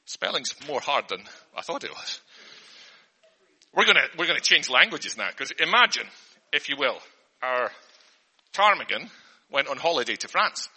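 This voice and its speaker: A man's voice: fairly high pitch, sing-song, moderate pace, long pauses, bright, forceful tone, slightly rough. A man doing a comic spelling lesson for an audience, in an earnest teacher's patter, often flustered and breaking off mid-sentence. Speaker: comedian. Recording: long hall reverb.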